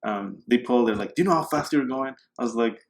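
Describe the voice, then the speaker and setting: Casual male podcast guest, mid-pitched, rambling anecdote full of "like". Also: fast talker. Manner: rambling, many fillers, laughs at himself. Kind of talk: casual storytelling chat.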